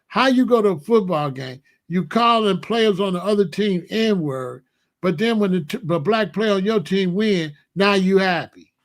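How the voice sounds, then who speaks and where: A man's voice: high-pitched, lively intonation, moderate pace. A man hosting his own show, delivering a casual comedic monologue full of rhetorical questions and chuckling asides. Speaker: host.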